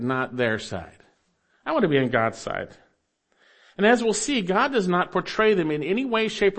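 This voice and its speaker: A man preaching a sermon, emphatic and repetitive, swinging between loud declarations and soft asides. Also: medium pitch. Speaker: pastor.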